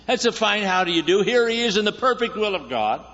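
A man's voice: sits high, sing-song, a little fast, fairly bright tone. A man preaching a sermon as a guest speaker, conversational and joking, often asking the congregation questions. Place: church sanctuary. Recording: echoey church hall, slightly dull sound.

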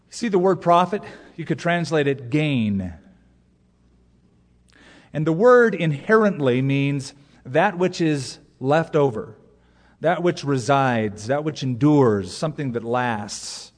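A man's voice: fairly high pitch, lively intonation, takes it slowly. A man preaching a sermon, telling jokes and stories and repeating words for emphasis. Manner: storytelling with jokes, emphatic repetition. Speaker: pastor. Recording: long reverb of a large hall.

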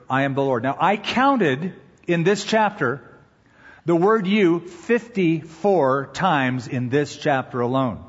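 A man preaching a sermon, explaining scripture and reading verses aloud slowly and with emphasis. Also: on the high side, in a large hall, highs cut off. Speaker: pastor.

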